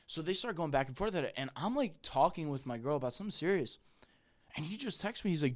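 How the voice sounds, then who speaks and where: A man's voice: fairly high pitch, very animated, fast. Young man, podcast guest, casual storytelling, rambling, laughs a lot. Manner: rambling, heavy on "like" and "bro", laughs often.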